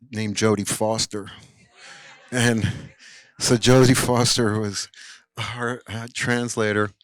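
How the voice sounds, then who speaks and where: A man telling a rambling, animated anecdote at a cinema Q&A, full of fillers and acted-out quotes. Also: fairly low pitch, no echo. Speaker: guest filmmaker at a Q&A.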